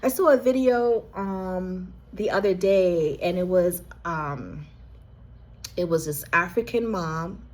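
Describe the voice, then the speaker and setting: A woman's voice: lowish voice, slow. A woman giving an earnest, heartfelt collective reading that speaks straight to the listener, at times moved close to tears. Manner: emotional, near tears at times. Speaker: intuitive card reader. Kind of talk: collective reading addressed to the viewer.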